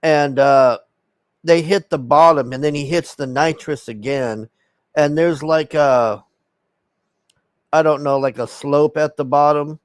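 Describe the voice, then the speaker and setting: A film reviewer recaps a movie's plot in a casual, rambling, profane way, full of filler words and acting out the characters' lines. His voice sits a little high and he speaks unhurriedly, with no room sound.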